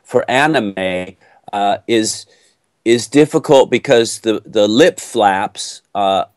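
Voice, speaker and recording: Middle-aged Texan male actor, lowish voice, dry sound, lively storyteller. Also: takes it slowly, smooth, no room sound. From Texas. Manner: animated, playful storyteller. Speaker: actor being interviewed. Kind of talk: casual interview answers.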